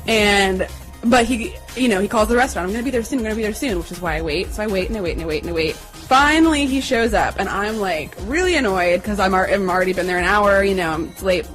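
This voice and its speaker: A woman's voice: mid-range voice, fairly quick, a bit bright, faint music behind. Chatty young woman telling a story. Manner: chatty, heavy on fillers, acts out quotes, swears. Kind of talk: casual personal storytelling.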